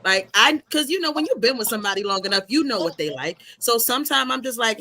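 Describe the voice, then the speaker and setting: A woman on a podcast panel who talks lively and acts out her own quotes. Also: fairly high pitch, fast. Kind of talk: casual podcast discussion.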